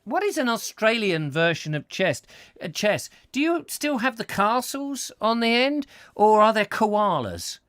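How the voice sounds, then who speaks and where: A man's voice: high-pitched, sing-song, measured pace, a bit bright, no echo, clean studio sound. A man hosting a comedy chat show, rambling playfully through viewer comments and slipping into silly voices. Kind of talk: rambling comic live-stream chat.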